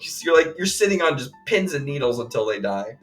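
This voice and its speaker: A man's voice: medium pitch, big pitch swings, fairly quick, faint music behind. Rambling man on a casual podcast. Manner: rambling play-by-play with many fillers and acted quotes. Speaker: podcast co-host. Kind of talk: casual chat recounting a tournament game.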